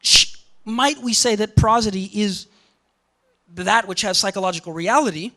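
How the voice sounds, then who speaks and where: A man's voice: high-pitched, a bit bright. A man lecturing on linguistics to a class, thinking aloud with frequent restarts and fillers as he explains ideas. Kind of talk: university lecture.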